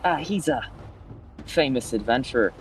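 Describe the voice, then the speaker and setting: A man's voice: mid-range voice, lively intonation, moderate pace, soft background music. Tentative man role-playing at a game table. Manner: tentative, guarded. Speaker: player. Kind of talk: in-character tabletop role-play.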